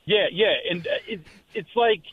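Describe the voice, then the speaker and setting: A man's voice: sits high, normal speed, husky. A man calling in to a sports radio show, talking emphatically and stumbling over the starts of his sentences. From North Jersey. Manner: emphatic, repeats words when starting sentences. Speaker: caller. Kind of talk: phone-in call to sports radio. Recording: tinny phone line.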